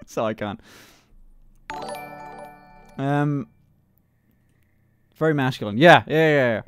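A man's voice: on the high side, unhurried, pauses often, no room sound, studio quality. A young man streaming live in casual chat, swearing freely, laughing often and testing out voices. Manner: swears freely, laughs a lot, playful voice experiments.

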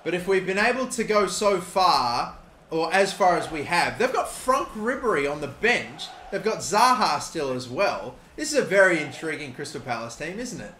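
A young Australian man giving gameplay commentary, excitable, swearing and shouting at big moments. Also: fairly high pitch, normal speed. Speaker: gaming YouTuber. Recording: echoey room with faint noise.

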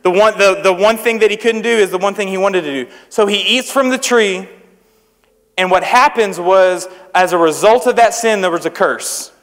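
High-voiced young preacher in a reverberant hall. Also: male voice, moderate pace, a bit bright. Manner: conversational, humorous, asks the crowd questions. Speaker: youth preacher. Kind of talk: sermon to students. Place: church hall. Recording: echoey hall with long reverb.

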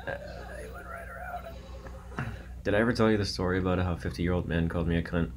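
A deep-voiced man chats and curses his way through a video game with a friend. He drifts into stories mid-play, with a faint hiss under his voice. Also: steady tone, rapid-fire. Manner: swears a lot, tells stories while playing. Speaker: gaming co-host. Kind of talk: casual let's-play banter.

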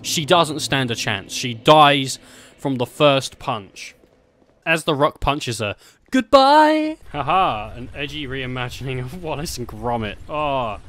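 A man's voice: medium pitch, unhurried, a bit bright. A man rambling through a silly made-up story while playing a game, swearing and laughing often. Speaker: gaming streamer.

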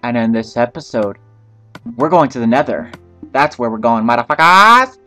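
A man's voice: mid-range voice, normal speed. A young man with a stuffy nose hosting a casual, profane let's-play, talking to himself and laughing. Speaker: gaming channel host. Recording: faint game music behind.

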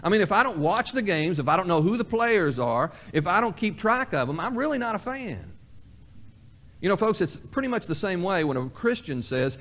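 A man's voice: high-pitched, sing-song, normal speed, fairly bright tone. A male pastor delivering a sermon in a folksy way, repeating key phrases for emphasis and acting out imagined conversations. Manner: acts out both sides of imagined dialogues. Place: church sanctuary.

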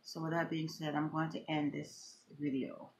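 A woman's voice: deep voice, level tone, normal speed, slight background noise. A middle-aged woman vlogging emotionally, talking in an impassioned, repetitive, grieving way. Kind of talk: emotional personal vlog.

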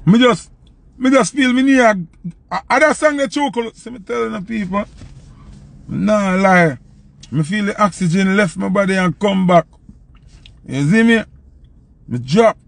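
A young man with a Jamaican accent, a selector telling a loose, animated story in patois and acting out the quotes. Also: sits high, unhurried, vocal fry, pauses often, dry recording. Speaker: dancehall selector. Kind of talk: casual storytelling.

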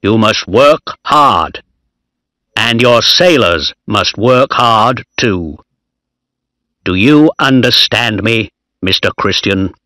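A man voicing a strict, stern male ship captain who gives slow, deliberate orders in a low voice. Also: animated, bright, forceful tone, no echo, clean studio sound, full character voice.

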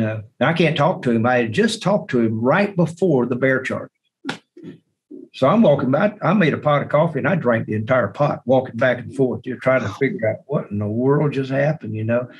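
A man who is a bowhunter, telling a hunting story as a podcast guest, animated and repeating words as he goes. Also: medium pitch, moderate pace, poor audio. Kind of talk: hunting story told in an interview.

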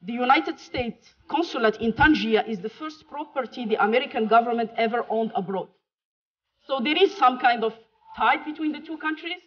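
Moroccan woman w/ french accent giving a keynote, chatty and jokey, kinda muffled lofi sound. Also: a little high. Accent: Moroccan French-accented English. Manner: chatty, jokey, pauses with fillers. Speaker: keynote speaker. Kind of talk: conference talk with slides. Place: lecture hall. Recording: muffled lo-fi talk recording.

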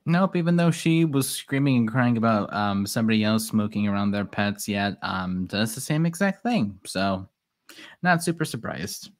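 A man's voice: lowish voice, moderate pace, a little hiss or hum. Sarcastic man reacting on a livestream. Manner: sarcastic, exasperated asides. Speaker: reaction streamer.

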